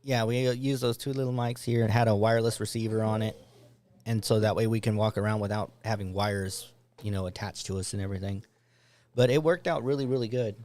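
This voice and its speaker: A man's voice: lowish voice, steady tone, a little fast, a little mellow. Laid-back rambling male co-host. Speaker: podcast co-host. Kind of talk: casual chat.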